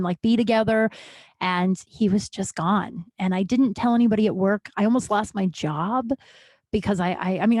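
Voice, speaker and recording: A woman's voice: medium pitch, a little mellow, dry recording. A woman in her thirties from Colorado, hosting a podcast and telling a personal story in a candid, self-mocking way with plenty of swearing. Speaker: podcast host. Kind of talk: casual storytelling monologue.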